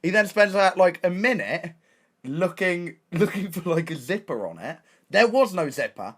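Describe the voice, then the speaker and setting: A young man with an English accent tells a story on his stream, excitable and full of slang. He keeps restarting his sentences as he goes. His voice sits a little high and moves a lot. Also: moderate pace. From England. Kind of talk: casual storytelling.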